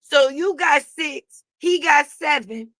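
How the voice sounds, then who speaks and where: A woman hosting a casual gossip commentary stream, profane and animated, talking straight to her viewers. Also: sits high, slow, dry recording, studio quality. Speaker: host.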